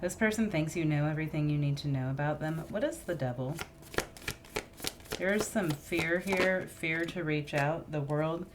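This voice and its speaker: A woman's voice: sits low, normal speed, background noise. A woman reading tarot cards in a casual, musing monologue, thinking aloud and getting emotional as she draws cards. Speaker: tarot reader.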